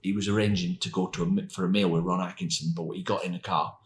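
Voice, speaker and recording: A man in his sixties, a former footballer, telling animated anecdotes as a podcast guest and laughing as he goes. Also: low voice, fast. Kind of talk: anecdotal storytelling.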